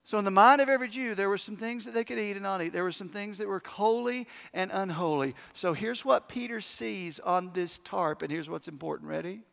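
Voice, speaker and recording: High-voiced preacher in a reverberant hall. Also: male voice, fairly quick, gravelly, hardly any pauses. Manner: emphatic, conversational preaching with sudden loud punches. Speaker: pastor. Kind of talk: sermon.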